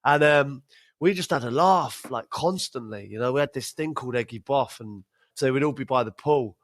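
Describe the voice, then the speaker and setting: Speaking at a moderate pace in a mid-range voice, a former footballer hosting a podcast relaxes into a funny story. He laughs his way through it, repeats words, and acts out what people said.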